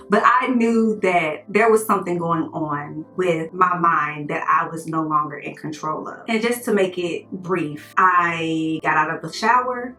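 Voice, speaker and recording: A woman telling a personal story in a casual storytime monologue, earnest and animated as she retells what was said. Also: on the low side, echoey room, low-quality recording.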